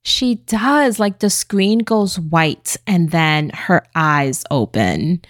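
A woman co-hosting a casual comedy podcast, recapping a movie with jokey, animated asides and frequent laughter. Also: fairly low pitch, slow, dry recording, clean studio sound. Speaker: podcast co-host.

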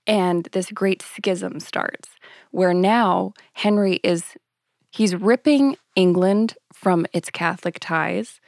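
Woman co-host, blunt and profane, lowish gravelly voice. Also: takes it slowly, darkish tone, no echo, clean studio sound. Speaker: podcast co-host. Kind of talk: casual chat.

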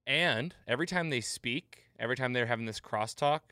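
Smooth-voiced man recapping an episode. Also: mid-range voice, brisk, no echo, studio quality. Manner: animated retelling, laughs at the jokes. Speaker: podcast host. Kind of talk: casual episode recap chat.

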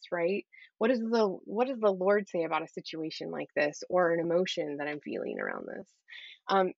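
A middle-aged woman talking as an interview guest, earnest and encouraging, often tagging her points with a quick "right?". Her voice sits at a middling pitch. The sound is a little dull and very dry, with no room echo. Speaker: guest, Christian parenting coach. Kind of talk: conversational interview.

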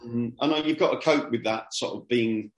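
Brief: middle-aged male comic, lively chat with restarts, roomy echo. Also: medium pitch, moderate pace. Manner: animated, repeats words when starting sentences. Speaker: comedian guest. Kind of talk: casual interview chat.

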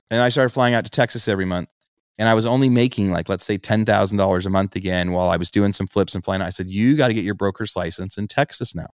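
Low-voiced male podcast host, dry sound. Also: clean tone, no echo. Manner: rambling storyteller, acts out quoted voices. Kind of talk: casual podcast chat.

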